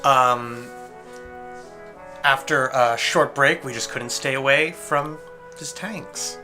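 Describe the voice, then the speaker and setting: A man's voice: medium pitch, slow pace, pushed and bright, soft background music. A young man hosting a casual let's play, joking and laughing as he goes. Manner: joking, laughs often, reads game lines aloud. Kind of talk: casual gaming commentary.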